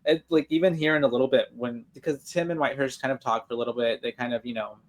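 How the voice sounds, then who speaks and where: A man's voice: mid-range voice, fairly even intonation, fast. Casual man recapping a movie. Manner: rambling, many fillers and restarts. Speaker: podcast co-host.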